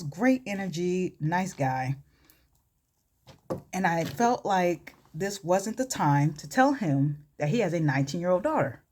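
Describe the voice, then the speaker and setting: A bold, desperate nineteen-year-old girl, put on by a woman telling her own story. She pleads and insists, and her pitch rises and falls a lot. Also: a little mellow.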